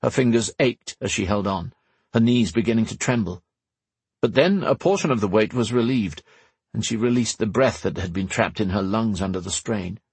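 Low husky male narrator. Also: a little mellow, no room sound. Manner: measured storytelling, slowing for dramatic beats. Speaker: audiobook narrator. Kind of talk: scripted fantasy narration.

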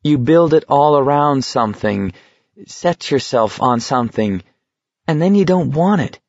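Brief: man voicing a bitter young philosopher-walker, higher-pitched, earnest. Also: lively intonation, unhurried, darkish tone, no room sound, dull audio.

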